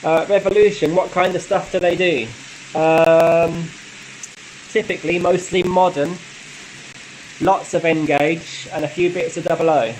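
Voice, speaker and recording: A man hosting a laid-back live stream, reading out and answering viewer comments in a loose, chatty way. He laughs lightly and often. His voice sits a touch high, and a faint hum of noise runs underneath. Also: steady tone, unhurried, rough recording. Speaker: model railway channel host.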